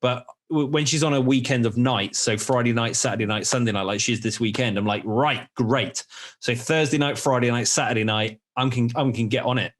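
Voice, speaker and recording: A man's voice: mid-range voice, brisk, few pauses. A man from South Africa guesting on a podcast, talking frankly and joking at his own expense. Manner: frank, joking, self-mocking. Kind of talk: casual chat.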